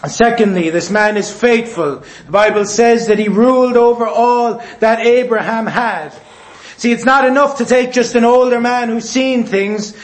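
A man preaching a sermon, forceful and repetitive, sometimes mimicking voices. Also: extremely high pitch, moderate pace. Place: church hall. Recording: echoey room.

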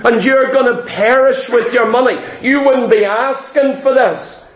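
A male preacher giving an emphatic sermon in church, repeating key phrases and slowing down to stress them. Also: very high-pitched, roomy sound, low-quality recording.

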